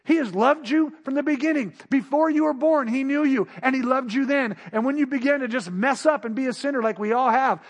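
High-voiced preacher swinging loud to hushed. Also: male voice. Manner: swings from loud emphatic cries to hushed, near-whispered passages; acts out God's voice and the listener's inner doubts. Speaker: pastor. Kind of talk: sermon.

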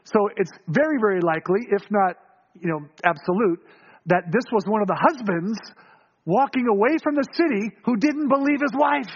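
Animated high-voiced preacher. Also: male voice, normal speed, slightly rough, muffled recording. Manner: animated storytelling, acts out voices, chuckles often. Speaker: pastor. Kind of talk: sermon.

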